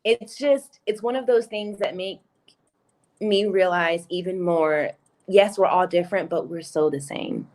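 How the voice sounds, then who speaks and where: A woman's voice: on the low side, measured pace, a little mellow. A woman speaking as a guest in a casual video-call conversation, earnest and full of stammering restarts. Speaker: guest, singer-songwriter and project creator.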